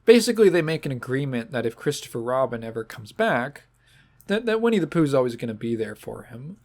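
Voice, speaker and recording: A man hosting a podcast, talking in a halting, sentimental way and fighting back tears. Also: mid-range voice, big pitch swings, a little mellow. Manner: halting, sentimental, restarts often. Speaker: podcast host. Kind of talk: casual podcast monologue.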